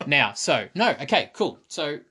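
A man's voice: on the high side, very animated, measured pace, sharp tone, husky. A young man co-hosting a casual podcast, teasing and quizzing his friend. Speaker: podcast co-host.

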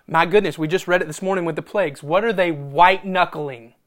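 A preacher in full sermon mode, with a voice that lands in the middle of the usual pitch range. They read scripture aloud and comment on it, repeat key phrases for emphasis, and drop from loud, emphatic bursts to almost a whisper. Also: fairly quick. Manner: swings between loud emphatic bursts and hushed near-whispers.

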